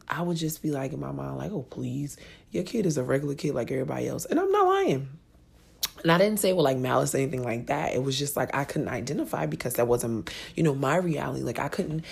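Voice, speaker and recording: Gravelly deep-voiced woman in her thirties. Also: a little mellow. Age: 30s. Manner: frank and profane, laughing easily. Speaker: podcast host. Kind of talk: candid personal storytelling.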